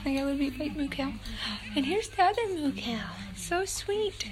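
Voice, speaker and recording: A woman's voice: high-pitched, sing-song, moderate pace, low-quality recording. A woman in her twenties with a Southern US accent, chatting cheerfully on a family vlog and calling out to her kids. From northern Mississippi, US. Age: 20s. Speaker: family vlogger. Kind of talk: casual vlog narration. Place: outdoor farm and pumpkin patch. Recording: outdoor noise behind the voice.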